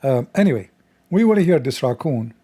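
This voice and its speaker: A male host delivers scornful commentary in broken English, full of sarcasm and insults. His voice sounds rough and strained, with a dark, mellow tone. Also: medium pitch, sing-song, moderate pace. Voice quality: non-native English with broken grammar.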